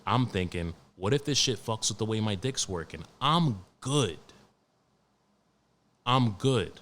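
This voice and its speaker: A young man hosting a solo podcast, talking in a blunt, profane, joking way and reading news out loud. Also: on the low side, animated, moderate pace, slight background noise. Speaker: podcast host. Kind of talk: casual solo podcast monologue.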